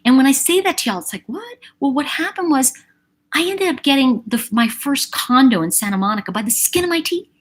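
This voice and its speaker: A woman's voice: high-pitched, expressive, a little fast. A middle-aged woman hosting a livestream, telling a long personal story in a chatty, rambling way with asides to her viewers. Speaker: livestream host.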